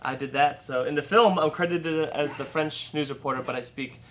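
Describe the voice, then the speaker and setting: A man's voice: on the high side, moderate pace, fairly bright tone, a little hiss or hum. A man hosting a casual interview, chatty and joking with his guest. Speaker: talk show host.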